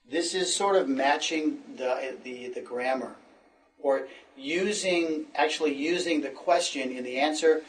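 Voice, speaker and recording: A man's voice: a little high, distant mic, rough recording. A middle-aged American man teaching an English lesson, patiently repeating phrases for the learners. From United States. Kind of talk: classroom lesson.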